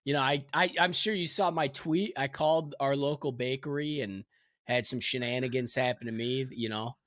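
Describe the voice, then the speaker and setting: A man co-hosting a podcast, chatting casually, joking and stammering through deadpan bits. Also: medium pitch, moderate pace, dry recording, studio quality. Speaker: podcast co-host. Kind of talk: casual chat.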